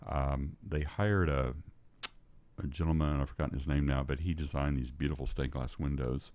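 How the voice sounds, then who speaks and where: A man's voice: extremely low pitch, fairly even intonation, normal speed, a little mellow, no room sound. An older man telling a story as a podcast guest, rambling and restarting his sentences. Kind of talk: storytelling in casual conversation.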